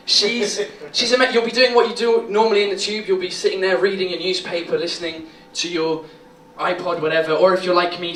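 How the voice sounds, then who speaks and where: A man's voice: high voice, slight background noise. A man doing a crude, chatty stand-up set, laughing at his own jokes. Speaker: stand-up comedian. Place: small comedy pub stage with audience. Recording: echoey room, distant mic, loud crowd.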